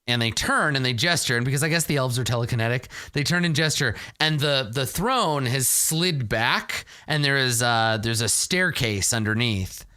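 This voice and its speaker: A man's voice: medium pitch, lively intonation, a little slow, bright, forceful tone, clear, resonant tone, dry recording, clean studio sound. A man narrating a solo tabletop role-play session in a casual, rambling way, with self-mocking asides. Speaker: solo game player and narrator.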